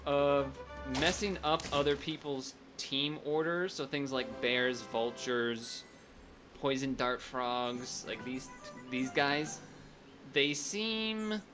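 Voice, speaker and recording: A man streaming a strategy game, chatting casually and thinking aloud, often restarting his sentences. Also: medium pitch. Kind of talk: casual gameplay commentary.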